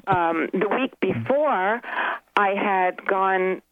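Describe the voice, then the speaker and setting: A woman's voice: medium pitch, extremely slow, dry recording. A woman on the phone, a guest speaking about talking with animals, rambling and earnest and often restarting her sentences. Her voice comes through a thin, tinny phone line. The sound is dry and close. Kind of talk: phone-in radio interview. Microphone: telephone.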